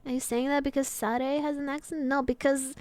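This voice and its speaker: A woman's voice: high voice, flat delivery, a little fast, darkish tone, no room sound. A woman streamer chatting casually as she reacts to a video, laughing often and swearing freely.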